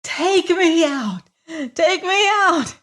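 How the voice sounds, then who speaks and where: A woman's voice: medium pitch, slow, natural voice. A woman reading an audiobook, voicing a hysterical male prisoner who shrieks and gasps out repeated cries. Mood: terrified.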